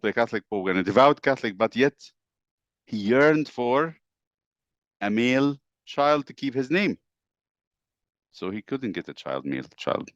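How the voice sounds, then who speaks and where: Low-voiced male teacher telling history. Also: no echo, lo-fi sound. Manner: animated storytelling, asks the class questions. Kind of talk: classroom history lesson.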